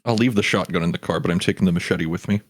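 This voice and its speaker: A man's voice: low voice, rapid-fire. A man playing a tabletop game, describing his character's actions matter-of-factly with dry humor. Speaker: player. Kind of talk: tabletop game narration as a player.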